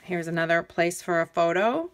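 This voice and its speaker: A woman's voice: fairly low pitch, normal speed, a little hiss or hum. A woman casually walking through a handmade scrapbook album, chatty and enthusiastic with lots of ums and restarts. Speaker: crafter demonstrating a scrapbook album. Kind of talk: casual show-and-tell tutorial.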